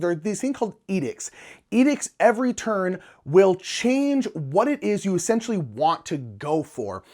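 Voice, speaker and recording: A man's voice: sits high, a little mellow. Chatty, enthusiastic man, casual board-game vlog host, loose and filler-heavy.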